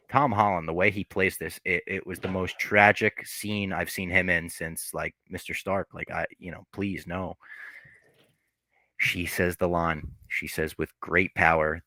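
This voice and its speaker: A man with a low voice and a bright, forceful edge talks through a movie scene by scene on his podcast. He is casual and profane and jumps into quoted lines. The sound is close and dry. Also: dry recording. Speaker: podcast host.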